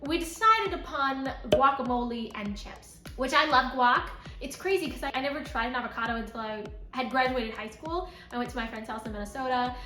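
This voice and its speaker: A woman's voice: high voice, lively intonation, fairly quick, few pauses. A woman in her twenties telling a story-time vlog in a chatty way, full of "like" fillers. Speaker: vlogger. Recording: echoey room.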